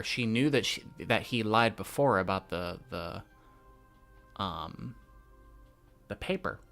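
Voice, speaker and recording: A young man reads a comic aloud and reacts as he goes, slangy, laughing and cursing along. His delivery is unhurried but his pitch jumps around a lot, and faint music plays behind him. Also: creaky, fairly bright tone. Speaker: manga reaction reader. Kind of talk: casual reaction reading.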